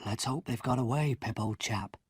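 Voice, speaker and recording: A man reading an audiobook, voicing a gentle, good-natured blacksmith. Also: fairly high pitch, expressive, normal speed, dry recording, studio quality, close to an everyday voice.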